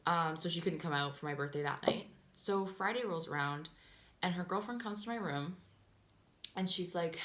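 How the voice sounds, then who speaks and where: A young woman with a fairly low voice tells a storytime vlog in loose, chatty fashion. She fills her talk with "like" and "um" and slips into animated voices when she quotes what people said. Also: normal speed, roomy sound. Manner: chatty, fillers of "like" and "um" throughout. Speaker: vlogger.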